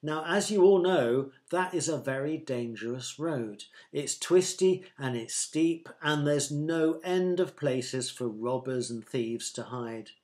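A man voicing Jesus as a gentle, firm storyteller in a children's Bible story. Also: on the high side, lively intonation, takes it slowly, hardly any pauses. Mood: storytelling. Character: kindly calm male storyteller teacher Jesus.

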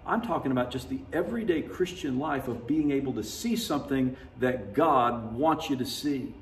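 Pastor, male, folksy conversational sermon delivery, mid-pitched, recorded at a distance in an echoey church. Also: moderate pace. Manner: conversational, folksy storytelling preaching with laughter. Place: church sanctuary. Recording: roomy, distant church mic.

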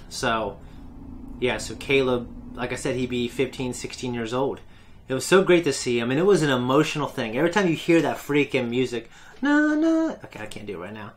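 A man's voice: mid-range voice, fairly bright tone. A man hosting a reaction video, chatting casually and enthusiastically in a rambling, self-correcting way. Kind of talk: casual fan commentary.

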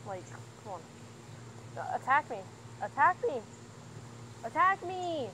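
A woman's voice: high-pitched, big pitch swings, slow pace, sharp tone, slight background noise. A young woman vlogging at home in a casual, playful, teasing way. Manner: playful, teasing trash talk. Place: house, indoors and outside.

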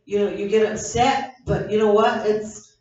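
A woman's voice: mid-range voice, fairly even intonation, moderate pace, warm tone. An older woman preaching with fervent conviction, circling back over her own words as she builds each point. Her voice carries from a distance through a heavily echoing church hall. The sound is dull and muffled. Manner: fervent, repetitive preaching with many restarts. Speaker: pastor. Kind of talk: evening sermon. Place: church sanctuary.

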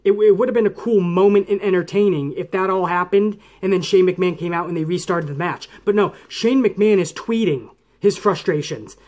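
A man's voice: sits high, a little fast, darkish tone. A man hosting a wrestling commentary show, ranting angrily and swearing a lot. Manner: angry, swearing, mocks referees in put-on voices.

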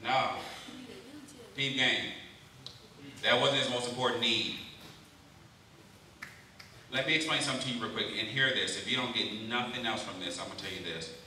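A man giving a lively youth sermon at a camp, often calling out questions to his listeners. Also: mid-range voice, moderate pace, pauses often, slight background noise. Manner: lively, calls out questions to the crowd. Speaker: camp speaker. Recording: very echoey hall, mic far off.

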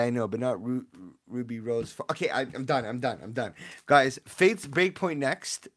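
A young man live-streaming, reading his chat and opening card packs, confused and laughing, often repeating himself. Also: medium pitch.

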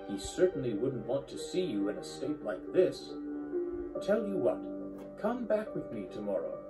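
A courteous young diesel engine, eager and polite, with his voice lifted well above the man acting him out, in a narrator's put-on voice. The storybook reading has loud music underneath. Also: medium pitch, sing-song, moderate pace, voice pushed up, natural voice. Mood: encouraging. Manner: courteous, eager, a little stuttering.

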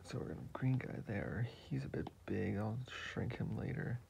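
A man's voice: on the low side, normal speed, vocal fry, mellow. A man chatting casually about what he is drawing, rambling and joking as he goes. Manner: rambling, jokey. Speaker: video creator. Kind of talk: casual narration while drawing. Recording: muffled lo-fi recording with hiss.

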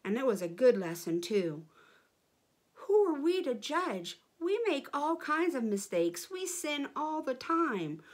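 A woman's voice: sits high, very animated, takes it slowly. A woman leading a children's church lesson, speaking in an encouraging way to kids.

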